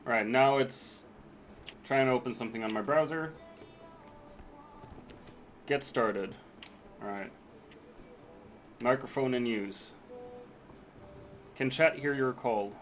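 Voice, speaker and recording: A man's voice: medium pitch, slow, pauses often, faint music behind. A man streaming a game, chatting casually, joking, swearing and laughing easily with friends. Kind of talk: casual chat while gaming on stream.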